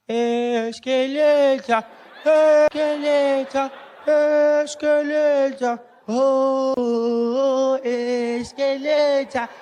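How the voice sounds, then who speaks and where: A man's voice: fairly high pitch, fairly bright tone. A man from South Africa doing a stand-up comedy routine, telling stories animatedly and acting out the scenes.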